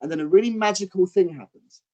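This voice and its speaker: A man's voice: high voice, quick pace, highs cut off. Chatty male wrestler telling stories. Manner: animated, acts out quotes, fillers and restarts. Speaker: guest, professional wrestler and trainer. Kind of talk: casual interview storytelling.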